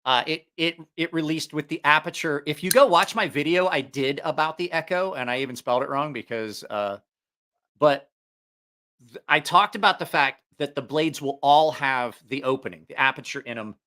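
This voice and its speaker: Here the channel host and knife reviewer, who has a slight Southeast Ohio accent, sounds pushed and bright with a fairly high pitch at a moderate pace. He's on a studio mic with headphones during a casual livestream. He chats, rambles, and fixes his own wording as he goes.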